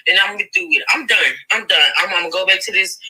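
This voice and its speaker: A woman's voice: medium pitch, racing, pushed and bright, slightly rough, poor audio. A woman on a livestream, defiant and swearing, repeating herself as she vents. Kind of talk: emotional livestream rant.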